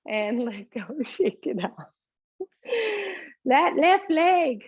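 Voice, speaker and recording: A woman's voice: high-pitched, expressive, slow, pauses often, muffled recording. A woman teaching a home yoga class, giving encouraging cues with a chatty manner and frequent light laughs.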